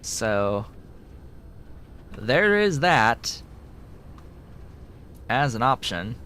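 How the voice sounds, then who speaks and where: A man's voice: big pitch swings, very slow, bright, forceful tone, clean tone. A man chatting casually as he streams a game, rambling and thinking aloud. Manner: rambling, talks to his cat in a high baby voice. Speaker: gameplay streamer. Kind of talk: casual gameplay commentary. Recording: faint music behind.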